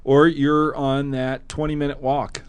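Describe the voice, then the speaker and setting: A man hosting a podcast interview, animated, with frequent restarts, reading text aloud playfully. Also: medium pitch, measured pace, clean tone. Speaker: podcast host. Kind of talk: casual interview.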